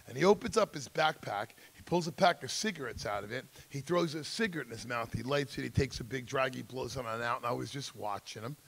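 Gravelly-voiced man telling his story. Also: fairly high pitch. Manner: acts out quoted voices, emphatic, intense. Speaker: speaker at a school drug seminar. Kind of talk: personal storytelling talk.

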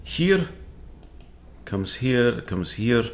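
A man's voice: medium pitch, very animated, drawn-out words, slight background noise. A man who coaches chess, thinking aloud as he plays and talking to himself with wry asides. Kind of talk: thinking-aloud game commentary.

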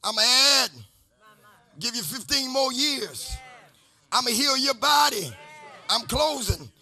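A man's voice: very high-pitched, lively intonation, slow, bright, forceful tone. A man preaching a sermon as a bishop, chanting and half-singing his lines in a studio full of worshippers. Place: studio with congregation.

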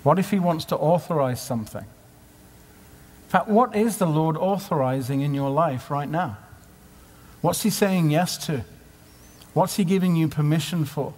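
A man's voice: a little high, moderate pace, pauses often, darkish tone, breathy edge. A man preaching at a conference in a conversational way, asking many rhetorical questions. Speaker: conference speaker. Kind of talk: sermon. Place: conference hall. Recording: live hall with long reverb.

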